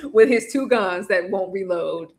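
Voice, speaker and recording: A woman co-hosting a casual episode recap, animated and laughing as she acts out characters' lines. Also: medium pitch, slow pace. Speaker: podcast co-host.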